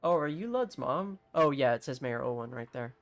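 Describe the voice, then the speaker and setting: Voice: mid-range voice, animated, moderate pace. A streamer casually commenting on a game and reading its text aloud, now and then swearing. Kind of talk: casual let's-play commentary.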